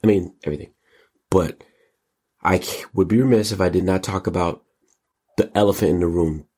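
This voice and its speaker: Male comedy host, low husky voice, very lively and slangy. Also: brisk. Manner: animated, joking, slangy, breaks into high mock voices. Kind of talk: comedic commentary show.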